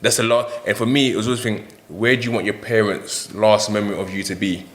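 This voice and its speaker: Fast-talking man telling stories. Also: fairly low pitch. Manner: animated storyteller, acts out quoted voices. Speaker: podcast guest. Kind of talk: casual chat.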